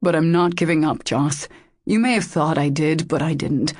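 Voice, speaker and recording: A woman's voice: low voice, normal speed, a little mellow, dry recording, clean studio sound. A woman voicing a remorseful, stubborn man who speaks emphatically in an audiobook. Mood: determined. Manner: emphatic and determined. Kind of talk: audiobook character voice.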